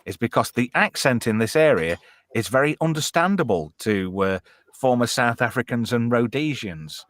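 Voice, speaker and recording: A man hosting a late-night stream with a bouncy, lively delivery that rises and falls a lot. He tells crude anecdotes and reads viewer comments aloud. His voice sounds close and dry. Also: medium pitch, moderate pace, no echo. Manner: bawdy storytelling, reads chat comments aloud. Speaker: live stream co-host. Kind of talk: casual banter.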